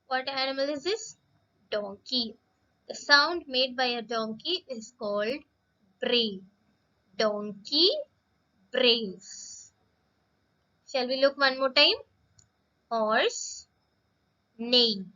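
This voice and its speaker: A woman teacher giving a recorded lesson to young children, speaking slowly and patiently, repeating words and often addressing the children. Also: a little high, bright, forceful tone, lo-fi sound.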